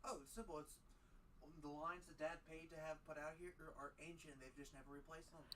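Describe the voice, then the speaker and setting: A woman's voice: low voice, fairly even intonation, a little fast, a bit bright. A woman with a Southern US accent in casual chat, blunt and grumbling. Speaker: streamer's wife.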